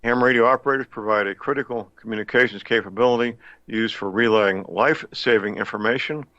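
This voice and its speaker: A man hosting a radio talk show in a folksy, deliberate way, with frequent pauses and fillers. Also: on the low side, sharp tone, no room sound. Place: home studio in the Missouri Ozarks. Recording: dull lo-fi dry studio sound.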